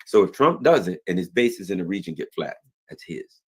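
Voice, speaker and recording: A man with a low, somewhat husky voice rants casually through political commentary. His pitch swoops up and down as he drives each point home with rhetorical questions and quick impressions of other people. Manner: animated and emphatic, with frequent rhetorical questions; mimics other people in quick quoted asides.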